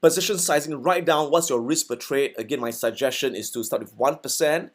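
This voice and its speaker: Guy teaching a trading class, kinda husky, chatty, keeps saying okay. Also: medium pitch, a little fast. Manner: conversational, repeats okay and uh, gives personal examples. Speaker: trading instructor. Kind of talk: recorded lesson.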